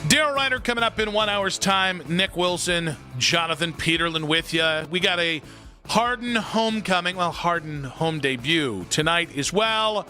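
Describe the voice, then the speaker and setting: A man co-hosting afternoon sports talk radio, trading quick jokes with his partner. His voice sits a little high with a bright, forward tone. A faint music bed hums under the studio mic. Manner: animated, jokey, quick back-and-forth. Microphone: studio broadcast mic.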